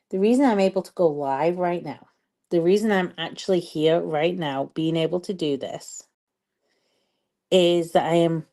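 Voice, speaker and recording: A woman chats casually on a live stream while she does her makeup. Her voice is slightly low and warm, and she tells her story in an animated, exasperated way, repeating herself for emphasis. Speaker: social media strategist and vlogger.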